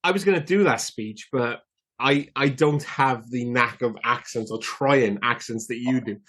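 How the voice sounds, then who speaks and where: A man's voice: medium pitch, a bit bright, slightly rough. Laughing male podcast co-host from Wales. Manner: laughs easily, quick interjections. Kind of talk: casual film podcast chat.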